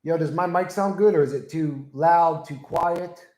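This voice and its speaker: A blunt, profane man rants loudly into a close mic in a room at home, saying his commas and question marks aloud as he dictates. His voice sits a bit high for a man, and the room gives it a noticeable echo. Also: a little slow. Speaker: channel host. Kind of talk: casual ranting monologue, dictating to a voice assistant. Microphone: mic right next to him.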